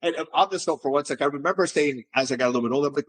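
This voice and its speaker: A middle-aged man, an entrepreneur being interviewed, telling stories in a casual, animated way and often repeating words as he restarts. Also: fairly high pitch, racing, slightly rough. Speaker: entrepreneur guest.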